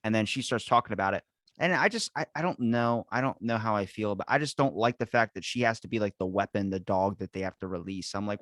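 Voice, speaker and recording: A man's voice: on the low side, fast talker, fairly bright tone, no room sound, studio quality. A young man hosting a podcast in casual chat, rambling and swearing with a jokey edge. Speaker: podcast host.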